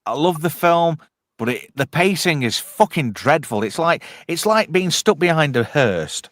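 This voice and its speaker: A man's voice: on the high side, big pitch swings, unhurried, a bit bright, dry recording, clean studio sound. A man hosting a casual podcast chat, ranting bluntly and swearing a lot. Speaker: host.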